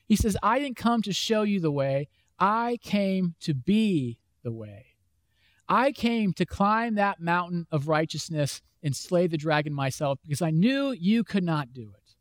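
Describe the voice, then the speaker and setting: High-ish guy preaching casually, talks to the folks at home, dry sound. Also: sing-song, measured pace, no echo. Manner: conversational, acts out imagined voices. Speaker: pastor. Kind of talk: sermon.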